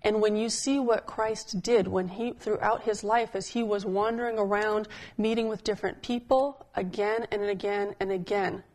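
A woman pastor preaches a sermon at a middle pitch. She talks in an easy, storytelling way and slows down to let key points sink in. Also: fairly even intonation, darkish tone. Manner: conversational storytelling preaching, slowing for emphasis.

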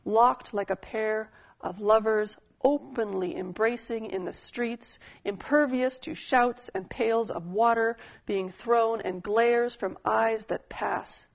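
Woman preacher, sermon, reading poetry + telling stories, really slow, some vocal fry. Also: on the high side.

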